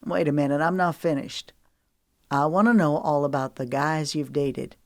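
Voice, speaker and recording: A woman narrator voicing an easygoing young man who talks in a soft, teasing way. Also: low voice, steady tone, normal speed, no echo, studio quality.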